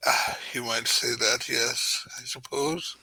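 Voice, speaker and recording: A man's voice: medium pitch, steady tone, slow pace, vocal fry, bright, forceful tone, slight background noise, exaggerated voice, poor audio. A man playing a cagey, hedging character. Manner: hesitant, hedging.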